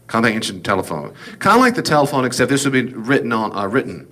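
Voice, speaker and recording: A man's voice: medium pitch, very animated, fast talker, bright, forceful tone. A middle-aged man teaching a Bible class in a conversational, folksy way with humorous asides. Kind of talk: classroom lecture.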